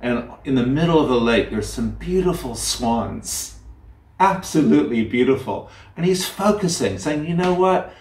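A man's voice: medium pitch, expressive, darkish tone. Earnest guy giving a sermon, stumbles and restarts, echoey and far from the mic. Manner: earnest, heartfelt, with halting restarts. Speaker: preacher. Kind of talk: sermon with a story read aloud. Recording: roomy, distant mic.

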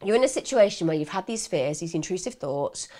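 A woman's voice: fairly low pitch, lively intonation, a little fast, mellow. A woman telling a true crime case in a chatty way, talking directly to her viewers.

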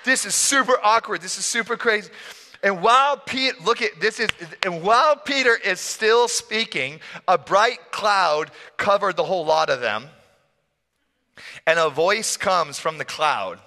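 Animated, bright-voiced male pastor. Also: high voice, measured pace. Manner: animated, playful, laughing storyteller. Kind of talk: sermon. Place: church hall. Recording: long church hall reverb.

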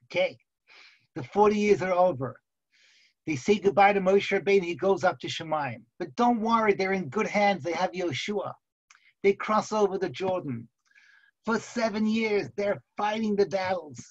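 A man, a rabbi, giving a Torah lecture in which he tells the story lively and acts out the characters. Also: sits high, moderate pace. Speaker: rabbi teaching seminary students. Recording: slightly muffled recording.

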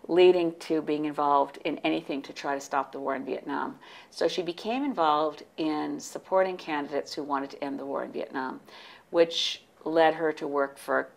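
A woman in her sixties, originally from the United States, telling lively anecdotes as an interview guest, often restarting her sentences. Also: deep voice, creaky. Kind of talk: casual interview storytelling.

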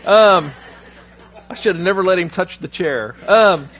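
A man's voice: sits high, unhurried, a bit bright. A man preaching a sermon in church, with a humorous, self-deprecating storytelling manner. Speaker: pastor.

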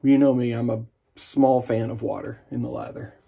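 A man's voice: medium pitch, normal speed, gravelly, breathy edge. A man chatting casually and jokingly as he narrates his own shave in a vlog. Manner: relaxed, chatty and jokey while shaving. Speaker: wet shaving vlogger.

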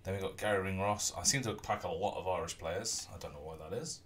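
Deep-voiced guy streaming a game. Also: fast talker. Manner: relaxed, rambling, hums to himself. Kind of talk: casual gameplay commentary.

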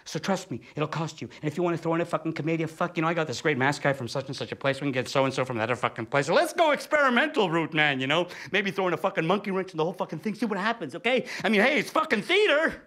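A man voicing a fast-talking male street hustler who peddles plays and actors with wheedling, profane sales patter. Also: a little high, lively intonation, sharp tone. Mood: pushy.

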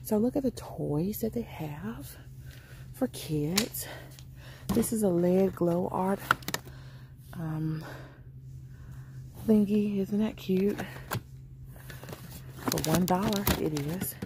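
Slow-talking woman with a gravelly voice. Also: medium pitch, noisy background. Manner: chatty, addresses viewers as y'all and honey. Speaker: vlogger. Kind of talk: casual shopping vlog. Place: inside a store.

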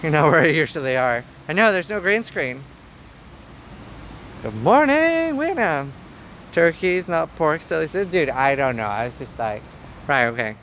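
Young Northern Irish streamer, higher voice, chatty and silly, loud traffic behind. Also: male voice, expressive, moderate pace, low-quality recording. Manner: chatty, goofy, rambling. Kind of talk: casual outdoor live stream. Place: outdoors on busy city streets. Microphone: handheld camera filming himself. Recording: street traffic noise behind.

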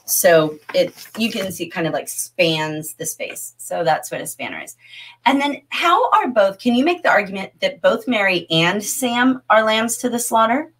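A middle-aged woman runs a livestreamed literature class, lively and laughing often as she responds to the chat. Her voice is mid-range and she talks at a normal speed.

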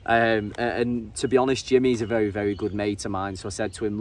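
An English man narrating his fishing vlog in a casual, halting way, often repeating words and saying um. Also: fairly low pitch, little pitch movement. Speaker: angler and vlogger. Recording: distant mic with faint ambient noise.

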